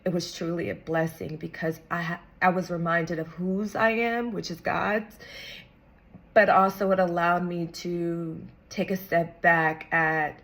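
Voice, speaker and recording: Earnest woman vlogger, slightly low voice. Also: flat delivery, unhurried, a bit bright. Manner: earnest and encouraging, casual slang. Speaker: vlogger sharing a personal story. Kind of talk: heartfelt talk to camera.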